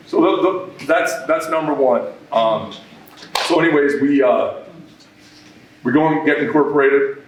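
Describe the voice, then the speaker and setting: A man's voice: mid-range voice, slight background noise. Man telling a rambling story in an echoey room. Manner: rambling, animated, with many restarts. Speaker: business owner speaking at a workshop. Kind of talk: storytelling talk to an audience. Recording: echoey room, mic at a distance.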